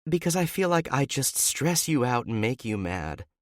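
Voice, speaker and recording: In an audiobook, a man voices a guarded, tender woman in love, speaking softly and hesitantly with a vulnerable mood. He pitches it above his own voice into a mid range with big pitch swings at normal speed, lightly acted. The studio sound is clean, with no echo.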